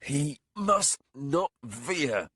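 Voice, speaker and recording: A man putting on a rasping, frightened warlock. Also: a little high, sing-song, extremely slow, bright, forceful tone, no room sound, studio quality, voice pushed up, exaggerated voice. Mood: urgent, hoarse. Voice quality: rough hiss.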